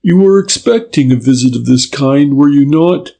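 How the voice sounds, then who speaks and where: A man's voice: a little high, lively intonation, moderate pace, gravelly, warm tone, pitched above the performer's own voice. A man voicing a courteous but firm middle-aged detective inspector who presses politely. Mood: polite pressing.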